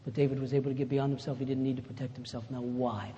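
A pastor giving a sermon in a conversational way, rising to loud emphatic lines and dropping to soft, low asides. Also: male voice, flat delivery, fast talker, muffled recording, a little hiss or hum. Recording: echoey hall with faint ambience.

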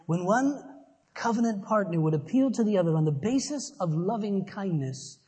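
A man's voice: high voice, animated, moderate pace, mellow, breathy edge. A man preaching a sermon, earnest, building to emphatic repeated phrases. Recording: long hall reverb.

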